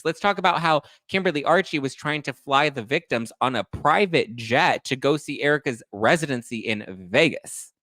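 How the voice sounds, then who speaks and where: A man's voice: mid-range voice, fairly bright tone, no room sound. A man in his thirties hosting a podcast, ranting sassily and acting out both sides of his arguments. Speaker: podcast host. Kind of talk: heated commentary.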